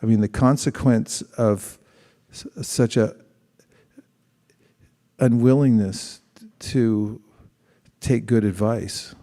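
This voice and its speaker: A man leading a scripture study class, reading a passage aloud and then asking thoughtful questions, often pausing to rephrase. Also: on the low side, steady tone, warm tone. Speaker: class leader.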